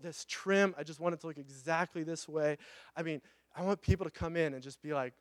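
A pastor preaching a conversational sermon, acting out little quoted voices and joking asides. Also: male voice, sits high, fairly bright tone, no room sound, studio quality.

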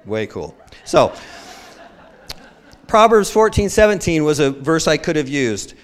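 A man in his fifties preaching a sermon, telling animated stories about himself and acting out quotes with self-mocking humor. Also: a little high, unhurried, pauses often.

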